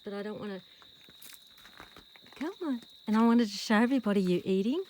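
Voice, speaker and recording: An Australian woman vlogging outdoors with a handheld phone camera, chatting rambly and calling her horse in a high sing-song voice. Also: normal speed, a little mellow, a little hiss or hum, rough recording. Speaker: horse owner filming her rescue horse. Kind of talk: casual vlog to camera. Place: outdoors in a paddock.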